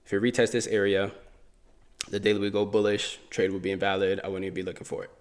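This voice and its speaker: A man's voice: low voice, flat delivery, fast. A man hosting a forex trading video, talking casually through his chart analysis, thinking aloud and repeating himself as he goes.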